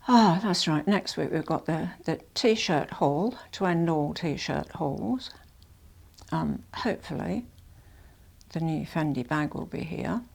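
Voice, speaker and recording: A woman's voice: deep voice, animated, takes it slowly, creaky, darkish tone. An older retired woman chatting casually to camera as a fashion vlogger, rambling and correcting herself as she goes. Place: at home.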